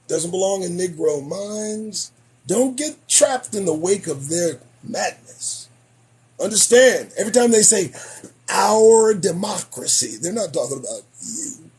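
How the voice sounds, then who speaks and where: A man hosting a podcast, losing his voice, delivering an emphatic, preachy commentary monologue that swings between loud declarations and muttered asides. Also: sits high, lively intonation, normal speed. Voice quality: husky. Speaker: podcast host.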